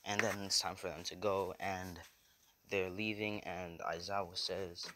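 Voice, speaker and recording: A man's voice: low voice, level tone, a little slow, pushed and bright, slight background noise. A young man casually retelling a fan story, loose and rambling.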